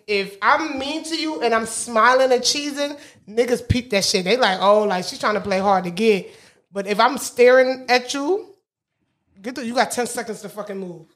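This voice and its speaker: A woman's voice: fairly high pitch, a bit bright. A young woman, co-hosting a podcast in casual, brash, swaggering chat. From New York. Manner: brash, swaggering, trash-talking with laughs. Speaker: podcast co-host.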